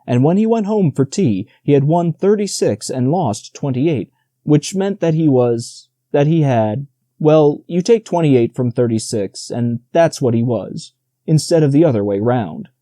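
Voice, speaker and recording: Man, audiobook narrator, children's story, very mellow voice, lively expressive reading. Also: on the high side, a little slow, no room sound, clean studio sound. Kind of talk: scripted narration.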